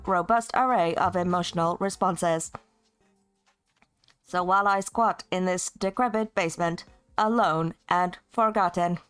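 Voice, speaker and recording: A woman voicing a hateful, grandiose computer villain who speaks in slow, menacing, pompous decrees. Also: medium pitch, fairly bright tone, smooth, lightly acted. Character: hateful old AI supervillain, bitter and grandiose.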